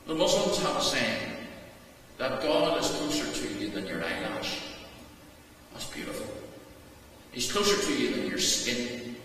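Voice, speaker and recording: A man, a rector, preaching a sermon in a measured, emphatic way, with repeated refrains. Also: mid-range voice, big pitch swings, sharp tone. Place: large stone church. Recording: echoey church from far off.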